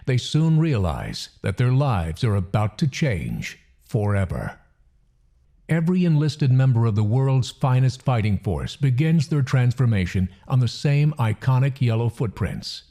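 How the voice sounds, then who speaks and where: A man reading scripted documentary narration in a measured, solemn way. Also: mid-range voice, very animated, dark tone.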